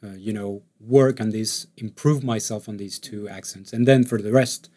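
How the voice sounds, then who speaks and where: A man's voice: on the low side, normal speed, husky. Give me a man chatting in an interview. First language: French. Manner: relaxed, laughs often, many fillers and restarts. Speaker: actor, interview guest. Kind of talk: casual interview chat.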